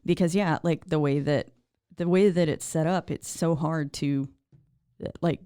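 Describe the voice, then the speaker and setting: Woman, podcast co-host, low mellow voice, dry close sound, enthusiastic, swears. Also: fairly even intonation, measured pace, clean tone, no echo. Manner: enthusiastic, swears freely, acts out quotes. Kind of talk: casual chat recapping a film.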